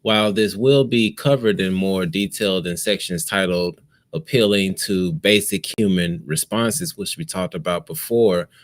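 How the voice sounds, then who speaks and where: A man co-hosts a casual talk show and reads passages aloud in a slow, measured way, stopping to comment. His voice sits fairly low, and he takes his time. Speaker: podcast co-host. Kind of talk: casual chat, reading aloud.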